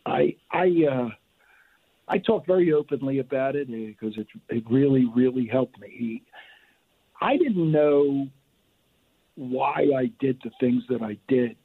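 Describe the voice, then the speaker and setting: A man's voice: medium pitch, animated, unhurried, husky. An older man, a retired referee, telling stories animatedly as a guest, often restarting and repeating words, heard over a tinny phone line. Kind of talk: phone interview storytelling.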